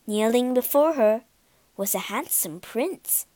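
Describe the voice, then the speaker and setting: Woman storyteller, high, animated, slow read-aloud. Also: no echo. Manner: expressive, unhurried.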